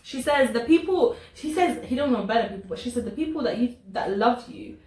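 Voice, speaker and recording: A woman co-hosting a casual review chat, animated, laughing often and acting out characters' lines. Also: a little high, brisk. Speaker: co-host. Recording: echoey room, distant mic, faint hiss.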